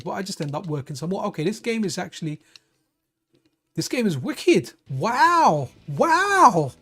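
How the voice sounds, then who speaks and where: A man's voice: fairly high pitch, darkish tone. A middle-aged man giving casual gameplay commentary as a retro gaming YouTuber, chatty and laughing often as he tells stories.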